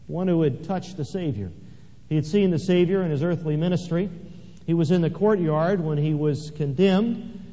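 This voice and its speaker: A man's voice: on the high side, mellow. A man preaching a sermon, swelling dramatically when he reads scripture aloud. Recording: echoey hall, dull lo-fi sound.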